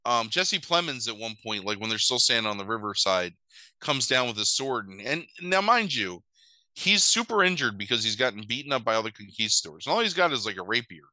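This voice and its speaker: A man's voice: mid-range voice, sing-song, fairly quick, bright, forceful tone, no room sound, low-quality recording. A man casually retelling a movie plot, swearing and acting out the characters' lines in mock voices. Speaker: podcast host recapping a movie. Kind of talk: casual chat.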